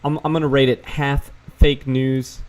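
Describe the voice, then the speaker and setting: A man's voice: mid-range voice, little pitch movement, unhurried, a little mellow. A man doing casual, sarcastic commentary, reading news articles aloud and adding profane asides. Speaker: vlogger fact-checking news. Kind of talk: casual screen-share commentary.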